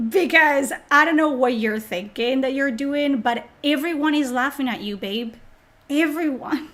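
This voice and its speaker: Mocking woman streamer, fairly high voice. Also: slow, long pauses, a bit bright. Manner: mocking, sarcastic, profane. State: sick. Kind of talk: live stream chat reading.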